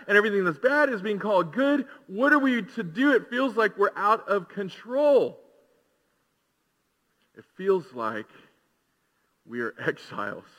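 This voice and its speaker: A man's voice: sits high, sharp tone. A man preaching a sermon, conversational and full of rhetorical questions. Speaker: pastor. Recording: long hall reverb.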